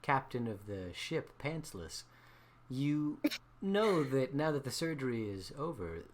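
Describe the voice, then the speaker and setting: A man running a tabletop game as dungeon master, narrating with animated swings between hushed and loud delivery. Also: mid-range voice, a little slow.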